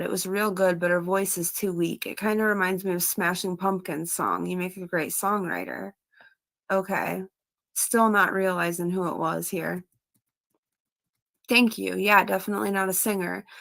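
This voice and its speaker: A woman's voice: mid-range voice, vocal fry, fairly bright tone, no room sound. A woman reading out online comments and her replies in a casual, matter-of-fact way. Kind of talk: casual reading of chat messages aloud.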